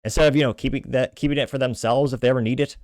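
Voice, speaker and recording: A man hosting a commentary show reads online posts aloud at a brisk clip. His delivery is emphatic and scornful, in a mid-range voice. The recording is close and dry, with no room sound. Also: medium pitch, fairly even intonation, darkish tone, no room sound. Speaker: show host. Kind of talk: reading and commenting on social media posts.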